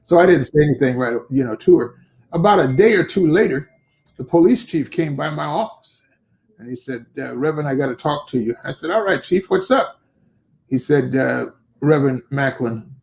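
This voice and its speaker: An older man, both bishop and pastor, uses a gravelly, medium-pitched voice to tell a story in an interview. Animated throughout, he plays out the dialogue of the story's characters.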